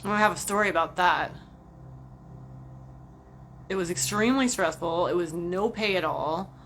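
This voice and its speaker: A woman ranting casually to camera about work, profane, animated and self-mocking. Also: on the low side, normal speed, slight background noise. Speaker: vlogger.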